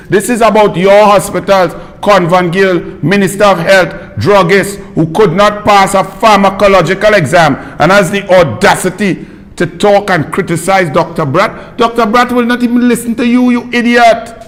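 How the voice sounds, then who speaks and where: A Trinidadian man hosting live political commentary with a scornful, heated, insulting delivery. His voice sits high for a man. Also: steady tone, normal speed, a bit bright, in a large hall.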